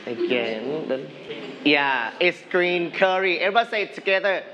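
A man teaching a class, prompting students and echoing each of their answers slowly. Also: a little high, expressive, dull audio. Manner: slow, drawn-out prompting, repeats students' answers. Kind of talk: classroom English lesson. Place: busy classroom. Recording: noisy classroom crowd. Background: chatter of a class.

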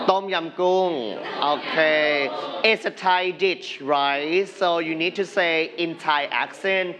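A man teaching a class, prompting students and echoing each of their answers slowly. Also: fairly high pitch, dull audio. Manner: slow, drawn-out prompting, repeats students' answers. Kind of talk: classroom English lesson. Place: busy classroom. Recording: noisy classroom crowd. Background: chatter of a class.

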